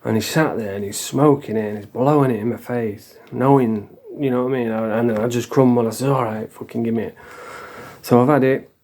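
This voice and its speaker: A man's voice: medium pitch, steady tone, fairly quick, darkish tone. A middle-aged man from England telling his own story in a blunt, sweary, confessional way. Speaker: vlogger. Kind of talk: casual storytelling.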